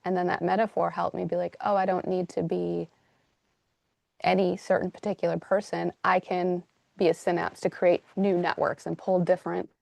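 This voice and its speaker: A woman's voice: lowish voice, little pitch movement, moderate pace, creaky, darkish tone, dry recording. A woman hosting a conversational podcast interview, effusive and affirming toward her guest. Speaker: podcast host.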